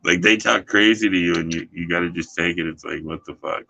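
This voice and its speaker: A man's voice: deep voice, fairly quick, gravelly, bright, forceful tone, lo-fi sound, a little hiss or hum. A man, a dishwasher, talking in casual chat, rambling and swearing with lots of "you know" and "like.".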